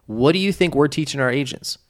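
A man's voice: medium pitch, quick pace. A man co-hosting a podcast, giving casual coaching talk with emphasis and acting out sample lines of dialogue. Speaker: podcast co-host, real estate coach.

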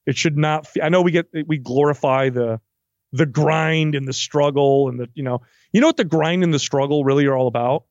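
A man's voice: fairly high pitch, brisk, no room sound, dull audio. A man, a fitness trainer, talking casually in an interview and acting out what his clients say. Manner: animated, acts out client quotes.

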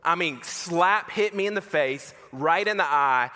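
A man preaching a sermon as an animated, self-mocking storyteller. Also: on the high side, a little slow. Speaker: pastor. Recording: reverberant hall.

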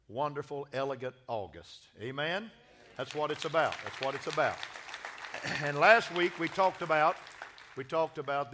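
Bright, folksy preacher. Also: male voice, medium pitch. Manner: folksy, joking and exuberant. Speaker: pastor. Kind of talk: church sermon with announcements. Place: church sanctuary.

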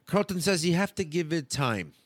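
A man's voice: on the high side, normal speed, no room sound. A man co-hosting a podcast, recapping a sitcom episode in casual chat and acting out the characters' lines in voices. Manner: animated, acts out characters' lines in funny voices and laughs often.

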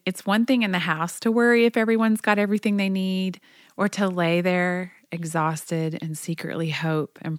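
A woman's voice: lowish voice, fairly bright tone, no echo, clean studio sound. A woman, a mother in her forties, telling chatty personal stories about life on a tour bus with her kids, often laughing. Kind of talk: personal storytelling monologue.

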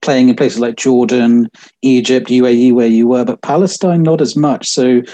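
A man's voice: medium pitch, fairly even intonation, normal speed, warm tone. A man interviewing a guest, asking long, rambling, thoughtful questions. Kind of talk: casual interview chat.

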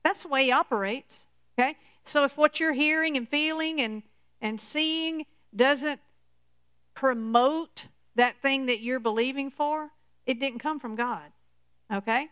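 Woman preacher, fairly high, smooth voice, slow and emphatic, dry close sound. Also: a bit bright, no room sound. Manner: slow, emphatic, repeats "okay?" to the listener. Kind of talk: sermon teaching.

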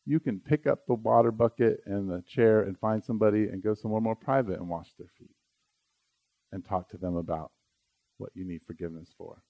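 A man's voice: fairly low pitch, fairly even intonation, fairly quick, warm tone, dry recording. A man pastor preaching an earnest, conversational sermon during a church service, often restarting his phrases.

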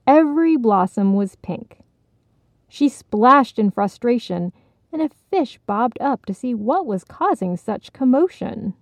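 A woman narrating a children's storybook in a calm, measured way. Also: a little high, no echo.

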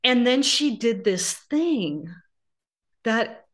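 Bright chatty Southern woman host. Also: on the high side, animated, very slow. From Southern US (Florida, Georgia). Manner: chatty, warm rambling with fillers and laughs. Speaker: podcast host. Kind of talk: casual interview chat.

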